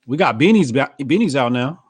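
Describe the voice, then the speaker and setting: A man co-hosting a podcast in casual chat, animated and quick to laugh loudly. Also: medium pitch, husky, no echo, clean studio sound. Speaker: podcast co-host.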